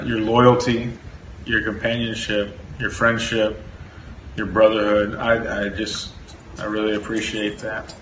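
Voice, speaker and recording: Sincere man on a far mic, roomy sound. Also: lowish voice. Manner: steady, sincere, brotherly. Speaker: church member. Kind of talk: farewell message. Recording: echoey, distant, faint noise.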